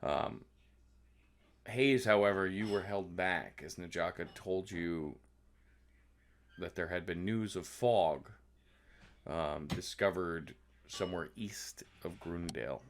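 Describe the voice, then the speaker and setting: A man serving as game master, recapping the story of a tabletop game in a halting way with frequent ums and uhs. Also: low-pitched, a little hiss or hum. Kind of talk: narrating a tabletop game live stream.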